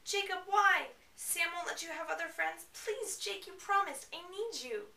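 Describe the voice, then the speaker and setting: Pleading teen girl, voiced by a woman, high and strained, bright and a little distant in an echoey room. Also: animated, unhurried, gravelly, heavily acted. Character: distraught teenage girl pleading with a friend. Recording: roomy, away from the mic.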